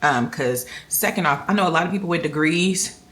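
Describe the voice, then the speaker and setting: Low-voiced woman chatting while counting cash. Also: a little hiss or hum. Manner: chatty, counts money aloud in a slow steady rhythm. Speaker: budgeting vlogger. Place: indoors at home.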